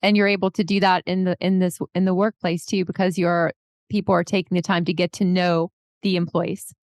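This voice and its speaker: A woman with a low voice hosts a health podcast interview. She puts her questions hesitantly and reworks them as she goes. Her sound is dry and close to the mic. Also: little pitch movement, a little fast, dry recording. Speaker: podcast host.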